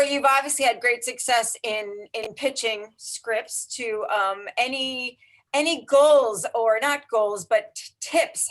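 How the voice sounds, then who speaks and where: A woman's voice: fairly high pitch, fairly bright tone. A woman interviewing a guest, hesitant and searching for her words. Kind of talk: casual interview questions.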